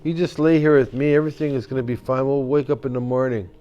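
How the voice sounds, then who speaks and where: A man's voice: medium pitch, steady tone, fast, smooth, muffled recording, close to an everyday voice. A man voicing a tender Thunderbird husband. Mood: sleepy. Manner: soft, tender and soothing. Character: gentle devoted male Thunderbird husband.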